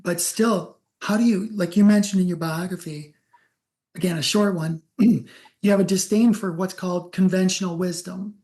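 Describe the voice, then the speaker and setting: Throat-clearing male interview host. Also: high-pitched, steady tone, moderate pace, a little mellow. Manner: rambling questions, clears throat often. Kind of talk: conversational interview questions.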